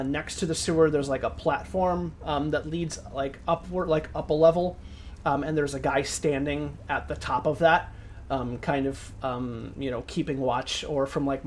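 Rambling male game master, slightly high. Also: a little hiss or hum. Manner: rambling, many ums and likes. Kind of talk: narrating a tabletop game.

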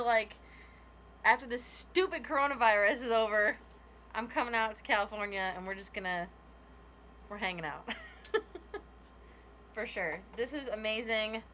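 A woman's voice: mid-range voice, pushed and bright, slight background noise. A woman in a casual unboxing vlog, gushing over gifts with lots of laughs and gasps. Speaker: YouTuber opening a gift box.

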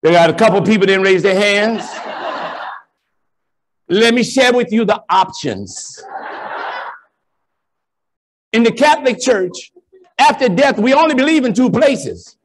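A man who is a Catholic priest, giving a joking, animated storytelling talk to an audience of educators. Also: sits high, a little slow, long pauses. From New Orleans. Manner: animated, joking, plays to the crowd.

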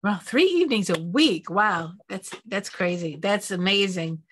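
Woman host, mid-pitched voice, upbeat, quick reactions and questions. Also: animated, fairly bright tone, slightly rough. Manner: enthusiastic, brief exclamations. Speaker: host, medium. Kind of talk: interview host.

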